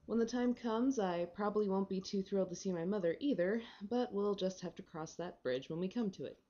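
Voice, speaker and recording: A woman's voice: medium pitch, brisk, warm tone, dull audio. A woman reading a short story aloud in a wry, sardonic storytelling manner. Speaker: reader.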